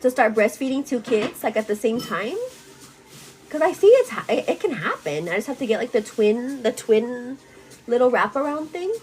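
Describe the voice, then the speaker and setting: A woman's voice: fairly high pitch, expressive, moderate pace, a little mellow, poor audio. A woman from a Mexican-American family chatting casually while getting ready at home, bubbly and laughing often, dropping in Spanish words. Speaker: beauty vlogger. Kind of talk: casual chat.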